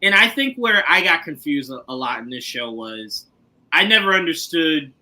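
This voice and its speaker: A man with a very bright, ringing voice talks through a TV episode with a friend. His pitch swings widely as he gets animated and laughs between points, often acting out the characters. It is relaxed, casual podcast banter. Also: normal speed, rough recording. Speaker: podcast co-host. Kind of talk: casual chat about a TV show.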